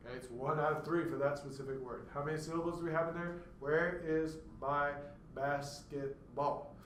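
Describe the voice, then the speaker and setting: A man's voice: a little high, steady tone, rapid-fire, slight background noise. A man giving a classroom lecture, explaining step by step and acting out stuttered words to demonstrate. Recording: echoey room, mic far off.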